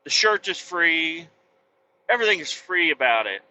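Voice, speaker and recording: A man vlogging from his truck on the highway, chatting casually in a blunt, rambling way and swearing freely. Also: big pitch swings, normal speed, bright, forceful tone. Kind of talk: casual chat while driving. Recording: dull lo-fi audio with faint road noise.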